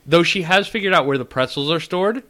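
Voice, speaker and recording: A man's voice: a little high, a little fast, pushed and bright. A young man co-hosting a casual beer-tasting chat, joking and swearing, laughing often. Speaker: podcast co-host reviewing beer.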